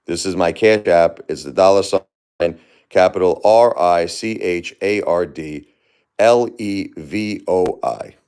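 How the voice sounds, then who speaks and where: A middle-aged man hosting a casual livestream, reading viewer comments aloud. He is grieving and upset, moving between quiet sympathy and loud, angry outbursts. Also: low-pitched, slow, clear, resonant tone. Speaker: livestream host.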